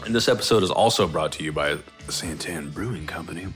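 A man's voice: low-pitched, quick pace, soft background music. A man co-hosting a casual comedy podcast, joking and swearing freely as he riffs. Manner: animated, profane, jokey. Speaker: podcast co-host.

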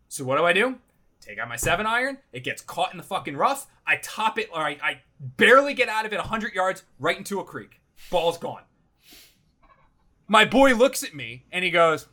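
A man tells a casual story in a bright, somewhat high voice. He rambles and swears freely, piling up "I'm like"s as he gets worked up. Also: very animated, fairly quick. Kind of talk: casual anecdote.

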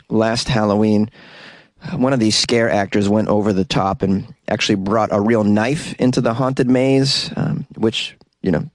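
A man riffing on odd news stories in a sarcastic, joking tone, with mid-pitched speech. The sound is dry and close, with no room around it. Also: no room sound. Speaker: host. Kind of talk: comedic news commentary. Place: Los Angeles.

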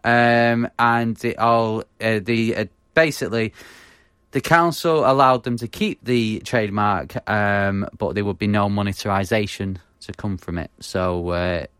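Man, from the UK, podcast co-host, casual football chat, halting with fillers, dry close recording. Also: lowish voice, a bit bright, smooth, no echo. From United Kingdom. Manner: halting, many fillers, laughs at own mispronunciations.

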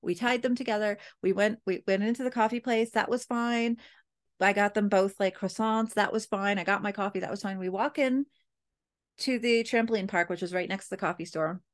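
Woman, thirties, parenting coach, casual storytelling, chatty, talks to listeners, middle pitch. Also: steady tone, brisk. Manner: chatty, frequent "like" and "you know", addresses listeners directly.

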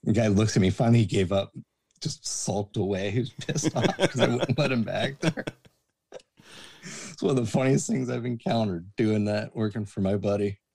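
A man's voice: fairly low pitch, normal speed, creaky, slightly rough. A man casually telling a backstage anecdote, acting out the people he quotes. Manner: animated anecdote teller, acts out quoted voices. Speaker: guest, former promoter's assistant. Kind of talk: casual storytelling.

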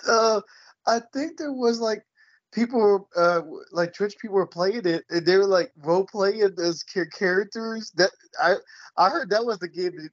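Man, high pitch, hesitant casual talker, lo-fi recording. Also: normal speed, no echo. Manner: hesitant, many fillers and restarts. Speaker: friend in conversation. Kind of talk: casual chat.

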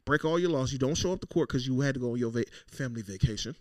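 A man co-hosting a podcast, telling stories loudly and profanely and acting out quotes in casual banter. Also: medium pitch, rapid-fire, no room sound. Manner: loud, profane, storytelling with acted-out quotes. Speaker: podcast co-host.

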